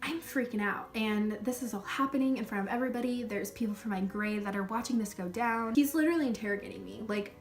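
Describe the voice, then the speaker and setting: A woman's voice: on the high side, quick pace, few pauses. Young woman ranting thru a storytime vlog, swears a lot, mic kinda far off. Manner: animated, dramatic retelling with swearing and many "like"s. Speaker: vlogger.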